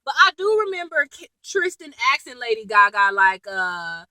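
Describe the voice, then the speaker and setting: A woman casually recapping a TV episode in a chatty, animated way, laughing and full of slang and asides. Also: on the high side, normal speed, no room sound, low-quality recording. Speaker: TV episode reviewer.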